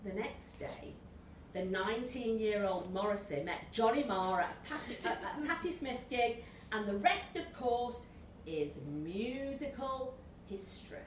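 A woman's voice: a little high, expressive, a little slow, slight background noise. A woman reading a comic story aloud to an audience, wry and playful, often laughing. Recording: echoey room from a distance.

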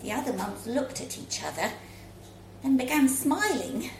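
A woman reading a story aloud in a child's first-person voice, expressive and lively. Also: high voice, a little slow, background noise. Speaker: story reader. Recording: roomy echo, faint room ambience.

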